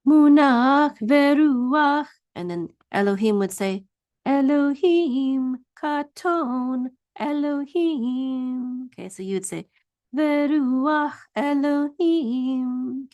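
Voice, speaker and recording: A woman teaching a one-on-one Hebrew reading lesson, patiently singing each word out slowly for her student to repeat. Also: on the low side, gravelly, a little mellow, no echo, studio quality.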